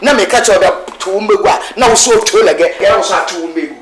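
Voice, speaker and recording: A woman with a Ghanaian Twi accent playing a mother who scolds her son in a lively, sing-song way. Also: medium pitch, quick pace, crowd noise, lightly acted. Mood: scolding. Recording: film audio over loud music.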